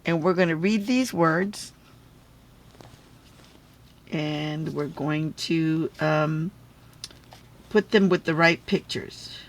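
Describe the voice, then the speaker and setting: A woman's voice: sits low, slight background noise. A woman teacher giving a phonics lesson on video, patiently sounding out syllables and checking in with the viewer.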